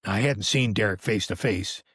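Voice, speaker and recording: Older guy spinning a story on a podcast, low husky voice, gets loud doing other people's lines. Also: a little fast, no room sound, clean studio sound. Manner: animated, acts out quoted dialogue with sudden raised exclamations. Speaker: podcast guest, veteran live sound engineer. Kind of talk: casual storytelling anecdote.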